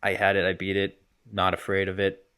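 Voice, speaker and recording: A man's voice: low-pitched, monotone, a little fast, pushed and bright, clear, resonant tone. A young man co-hosting a casual podcast, telling a rambling story full of fillers. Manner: rambling storyteller, many fillers like "whatever" and "blah, blah". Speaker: podcast co-host, hockey player.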